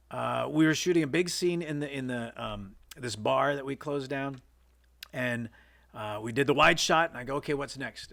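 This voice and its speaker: This filmmaker's voice is mid-range, gravelly, and a bit bright. As a guest in a relaxed interview, he spins rambling behind-the-scenes anecdotes packed with fillers and false starts.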